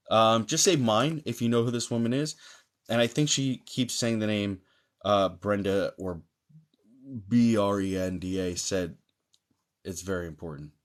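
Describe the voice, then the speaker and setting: Low-voiced man hosting a live reading. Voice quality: chatty, lively greetings, many fillers. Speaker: medium hosting a live stream. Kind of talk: live-stream psychic reading, reading chat aloud.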